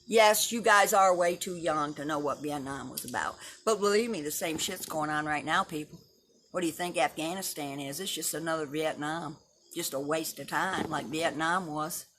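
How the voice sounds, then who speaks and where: Her voice low-pitched and a bit bright, a Texas woman in her 70s talks at normal speed to her livestream audience from home and out in her yard. Casual but opinionated, she cusses freely and speaks bluntly to viewers, with slight background noise.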